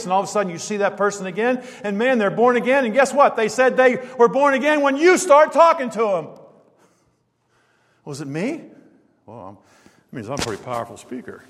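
A male preacher with a high, ringing voice delivers an emphatic sermon. He asks rhetorical questions, quotes scripture and chuckles at his stories. A long reverb trails him through the church hall.

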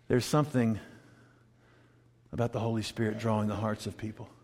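A pastor preaching a sermon, animated and chuckling between points as he acts out quotes. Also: on the low side, moderate pace, slight background noise. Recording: long hall reverb.

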